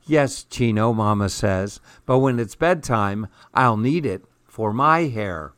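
A man reading aloud, voicing a gentle, caring mother in a children's story. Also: fairly low pitch, lively intonation, slow pace, smooth, dry recording, clean studio sound.

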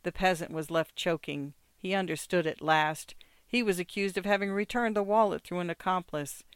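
A narrator reading short stories aloud in a measured, steady way. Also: mid-range voice, clear, resonant tone, no room sound.

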